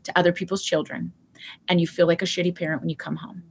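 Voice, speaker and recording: A woman guest on a parenting podcast talks conversationally but with passion and emphasis, frequently repeating her main points. Her voice is lowish, gravelly and fast with little pitch movement, and there's a slight hiss or hum.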